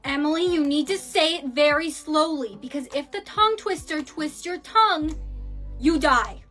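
A young woman performing the lead in a dramatic storytime with animated, quick reactions. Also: high-pitched, soft background music. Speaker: storyteller playing the lead girl. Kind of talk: scripted storytime acting.

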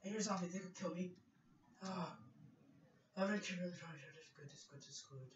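A man's voice: high voice, normal speed. Jumpy man narrating his own gameplay. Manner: jumpy, nervous self-talk with exclamations, repeating phrases. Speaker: gameplay video creator. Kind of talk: gameplay commentary. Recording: distant, roomy, dull lo-fi mic with faint hiss.

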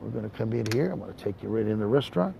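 A man's voice: lowish voice, expressive, racing, creaky, warm tone. A man giving a boat tour, talking in a brash, teasing monologue straight to the listener and repeating himself for effect. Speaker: tour guide. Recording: dull boat recording with motor noise.

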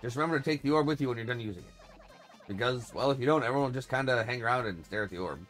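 A man's voice: medium pitch, rapid-fire, a bit bright, faint music behind, close to an everyday voice. A man voicing a crotchety old creature elder. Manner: scolding, crotchety reading of game dialogue. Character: grumpy bossy old female tree-dwelling creature elder.

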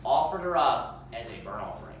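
A man's voice: mid-range voice, very animated, a little fast, noisy background. A man preaching as a pastor, reading scripture aloud and putting questions to the congregation in an emphatic way. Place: church sanctuary. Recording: echoey church hall, mic far off.

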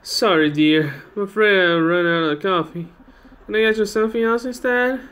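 A man voicing a frail, tearful old woman in debt, in a high, wavering, pleading voice. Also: normal speed, a bit bright, smooth. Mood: polite, gentle. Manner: apologetic and pleading.

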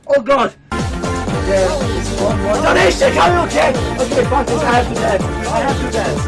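High-pitched young man yelling over game music. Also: lively intonation, normal speed. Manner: yelling, swearing, overwhelmed and emotional. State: voice strained from shouting. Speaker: livestreamer. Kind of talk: excited live game-stream commentary. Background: loud game music.

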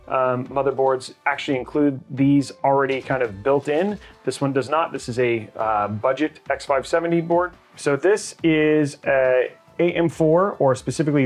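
Speaking in a mid-range voice, this man runs a hands-on tech channel tutorial, explaining every step in a lively, talkative way full of fillers and brief tangents.

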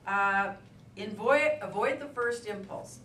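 A woman's voice: medium pitch, slow, fairly bright tone, a little hiss or hum. A woman giving a conversational lecture to adults, telling stories as she goes. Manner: storytelling, conversational. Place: lecture room. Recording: echoey room from a distance, faint ambience.

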